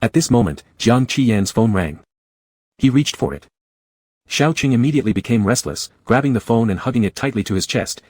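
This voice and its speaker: A man narrating a scripted comic story in an even, measured reading. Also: mid-range voice, dry recording.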